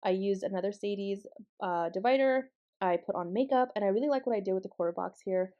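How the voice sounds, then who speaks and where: A woman's voice: medium pitch, fast, lo-fi sound. A young woman rambling casually in a planner voice-over, full of fillers and side tangents. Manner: rambling, chatty, many fillers and asides. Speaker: planner vlogger.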